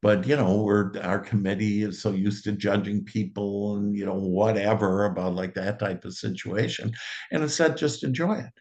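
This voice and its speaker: A man hosting a casual group chat, telling a lively personal story with frequent laughs. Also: on the low side, normal speed. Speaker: host.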